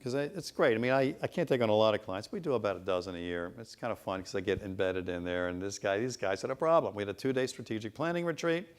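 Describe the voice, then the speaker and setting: A man with a somewhat low voice presents at a business conference. He talks as a consultant, telling anecdotes in a loose, conversational way with rhetorical asides to the audience. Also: quick pace, few pauses.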